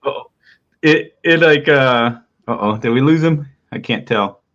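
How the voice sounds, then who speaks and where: A man's voice: mid-range voice, unhurried, fairly bright tone, lo-fi sound. A man hosting a live chat show, talking casually with many fillers and laughs. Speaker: podcast host.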